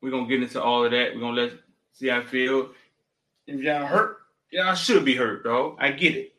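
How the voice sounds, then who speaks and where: Male host, casual slangy patter, bright forceful tone. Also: medium pitch, steady tone, normal speed. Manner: loose, repetitive, slangy patter. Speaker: show host. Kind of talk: casual live-stream talk show.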